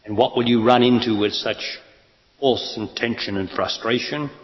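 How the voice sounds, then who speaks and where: A man's voice: medium pitch, fairly even intonation, normal speed, dull audio. Blunt man teaching in an echoey hall. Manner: emphatic, blunt, rhetorical questions. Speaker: spiritual teacher. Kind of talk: spiritual talk to an audience.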